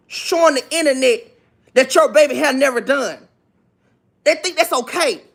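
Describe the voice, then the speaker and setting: A woman speaking on a gossip livestream with a noticeably high voice. She lectures her viewers in a preachy, insistent way and circles back to repeat each point for emphasis. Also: a bit bright. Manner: preachy, repetitive, emphatic, asks for amens. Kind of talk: livestream commentary.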